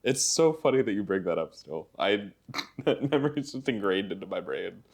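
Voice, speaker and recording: A man with a fairly low voice co-hosts a casual podcast. He is soft-spoken and easygoing, and he keeps chiming in to agree. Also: animated, moderate pace, vocal fry. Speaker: podcast co-host. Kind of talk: casual chat.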